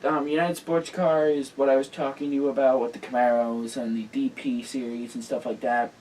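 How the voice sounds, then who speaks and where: A tired man hosting a casual racing news roundup, hurried and rambling, correcting himself as he goes. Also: medium pitch, little pitch movement, a little mellow, far from the mic, poor audio. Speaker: host.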